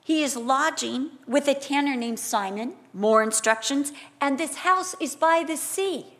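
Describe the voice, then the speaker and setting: A middle-aged woman delivers a sermon in a voice pitched a little high. She moves from scripture teaching into a lively personal story and acts out the quoted lines with sudden loud bursts. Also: a little slow. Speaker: preacher.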